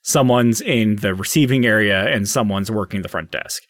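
A man narrating a tabletop game as dungeon master, casual and halting with fillers. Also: fairly low pitch, a bit bright, dry recording, clean studio sound.

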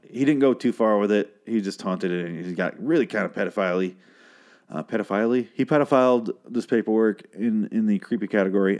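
A man with a fairly low voice talks through a TV episode in a loose, rambling recap. He is sardonic and profane, and often trails off or restarts mid-thought. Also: a little mellow. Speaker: show recap podcaster.

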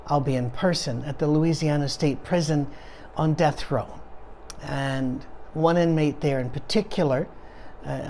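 A tired male pastor talks through a Bible study in a loose, digressive way, full of ums and restarts. His voice is mellow and relaxed rather than bright. A faint hiss sits behind it. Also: a little high. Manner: rambling, digressive, with many fillers and restarts. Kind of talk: conversational Bible study teaching.

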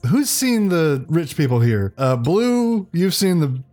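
A man's voice: on the high side, very animated, slow pace, darkish tone. A man narrating as game master, often laughing and restarting his phrases.

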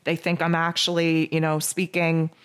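Woman, lowish voice, astrologer, casual forecast monologue, sarcastic, self-mocking, repetitive phrasing. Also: completely flat delivery, normal speed, clear, resonant tone. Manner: repetitive, builds lists of near-synonyms.

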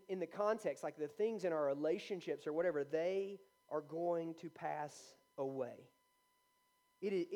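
A man's voice: on the high side, warm tone. A male pastor preaching a sermon conversationally, often restarting his phrases.

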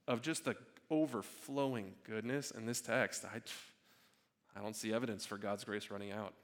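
A young man preaching a sermon as a pastor, earnest, repeating words and dropping to a hush on key phrases. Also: lowish voice, big-room sound. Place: church sanctuary.

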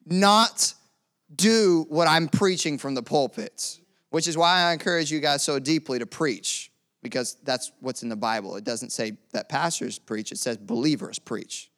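Young man, preacher, energetic sermon, call-and-response, slightly high voice.

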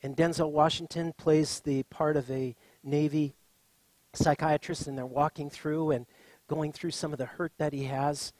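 A man's voice: fairly high pitch, steady tone, normal speed, no room sound. Impassioned male pastor, close and dry. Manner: impassioned preaching that swings from loud to soft. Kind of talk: sermon.

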